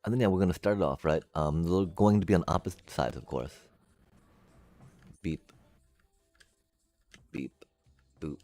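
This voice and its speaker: A man streaming a building game, musing aloud to his chat in a relaxed way and making playful beep-boop noises as he works. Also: deep voice, fast talker, hardly any pauses, faint music behind. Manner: chatty, musing aloud, makes beep-boop sound effects. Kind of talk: casual gameplay commentary to live chat.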